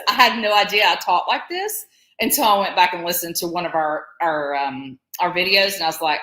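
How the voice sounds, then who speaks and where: A woman's voice: on the low side, animated, normal speed, a bit bright. A woman in her forties with a Southern US accent, co-hosting a live stream in a rambling, chatty way and laughing often. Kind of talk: casual live-stream chat. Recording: echoey room.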